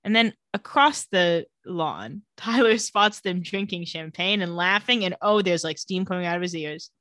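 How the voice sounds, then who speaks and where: A woman co-hosting a podcast, recapping a TV episode in casual chat, animated and full of "like" with the odd swear. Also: fairly low pitch, normal speed, dry recording, clean studio sound. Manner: animated storyteller, heavy use of "like", swears casually.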